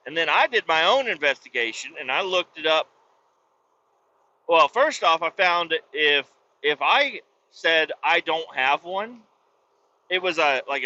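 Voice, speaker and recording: A man's voice: fairly high pitch, bright, forceful tone, lo-fi sound. A man hosting a podcast, telling a rambling, profane story in a casual, exasperated way. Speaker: podcast host.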